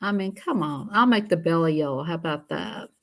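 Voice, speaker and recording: A woman's voice: fairly low pitch, animated, fairly quick. A woman chatting casually on a livestream while coloring, laughing often and greeting viewers. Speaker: livestream host.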